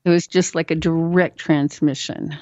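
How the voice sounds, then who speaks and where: A woman guest tells a personal story on a talk show, slipping into other people's voices as she goes. Her voice is low and mellow and sits dry and close. The recording is slightly dull and lo-fi. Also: normal speed, dry recording. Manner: animated storyteller who acts out quoted voices. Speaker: interview guest. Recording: dull, lo-fi sound.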